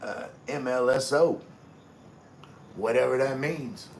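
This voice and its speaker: A middle-aged man from Louisiana talks in a relaxed Southern drawl, chatting with his livestream viewers. His voice sits at an ordinary male pitch. Faint noise hums under the recording. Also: slow pace. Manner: laid-back, drawling, chatty, greets viewers by name. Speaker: livestream host. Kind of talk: casual live chat reading comments.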